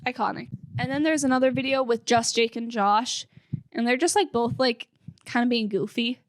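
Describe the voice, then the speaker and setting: Chatty, high-voiced young woman podcast host. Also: moderate pace, no room sound, clean studio sound. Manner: chatty and upbeat, lots of "like" fillers. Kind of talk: casual fan podcast chat.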